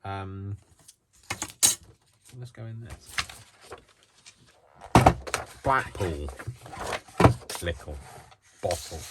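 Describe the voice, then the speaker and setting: Casting: a deep-voiced man, chatty craft vlogger, self-mocking asides, noisy home recording. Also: animated, drawn-out words, long pauses. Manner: rambling, self-mocking, talks to himself while working. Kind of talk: casual chat while crafting. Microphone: built-in camera mic, mic not working.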